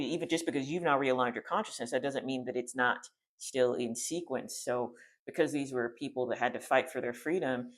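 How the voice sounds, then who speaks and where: A man giving a casual, rambling spiritual talk, full of restarts and fillers, retelling a scripture story. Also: medium pitch. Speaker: spiritual teacher.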